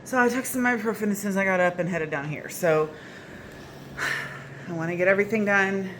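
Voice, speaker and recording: A woman's voice: mid-range voice, fairly quick, fairly bright tone, slight background noise. A woman with a Southern US accent, chatting casually to camera as a vlogger and rambling along with small laughs.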